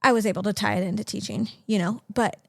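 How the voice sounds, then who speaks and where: A woman's voice: medium pitch, quick pace, creaky, a bit bright, no echo, clean studio sound. A young woman co-hosting a casual parenting podcast, talking in a chatty way with lots of "like" fillers. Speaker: podcast co-host. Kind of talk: casual chat.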